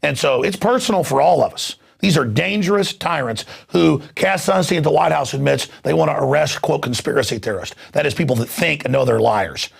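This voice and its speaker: A male talk show host delivering an angry, heated political rant, mocking and shouting at times. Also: on the high side, a little fast, gravelly, hardly any pauses, husky.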